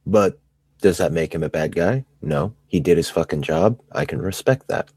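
A man's voice: low voice, expressive, normal speed, darkish tone, breathy edge, no room sound. A man in a casual talk show, speaking bluntly and matter-of-factly. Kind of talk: casual chat.

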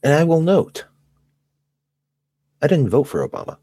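Lively husky man, dry and blunt. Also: fairly high pitch, moderate pace. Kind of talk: casual chat.

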